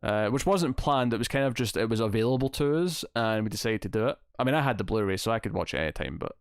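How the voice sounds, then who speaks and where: A man's voice: on the low side, animated, fast, smooth, no room sound, clean studio sound. A man hosting a casual livestream, chatting and reading out viewer comments in a rambling, self-amused way. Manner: rambling, chatty, laughs at himself. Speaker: livestream host.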